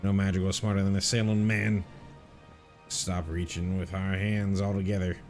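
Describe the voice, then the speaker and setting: A man's voice: low voice, little pitch movement, normal speed, faint music behind. A man voicing a rowdy, crude male pirate sailor in a game, talking in salty sea dialect. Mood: boisterous. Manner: salty old-sea dialect, calls people ye and laddie. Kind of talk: reading game dialogue aloud in character.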